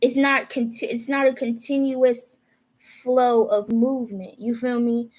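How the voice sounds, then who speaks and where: High-voiced casual profane tarot reader woman. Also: little pitch movement, measured pace, a little mellow, rough recording. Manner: casual, profane, talks straight to viewers.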